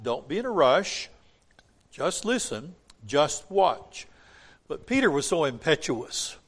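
An older man preaching a sermon in an earnest way, going from quiet, tender lines to loud, emphatic ones. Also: fairly high pitch, very animated, takes it slowly. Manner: earnest, swings from soft to emphatic when quoting scripture.

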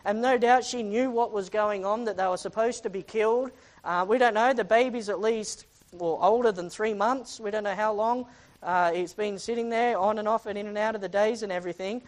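Preacher at a mid-range pitch, reading scripture and dramatizing the story, rhetorical questions, loud-to-hushed swings. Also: fairly quick, rough recording. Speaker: preacher teaching a Bible passage. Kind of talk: Bible teaching with scripture readings.

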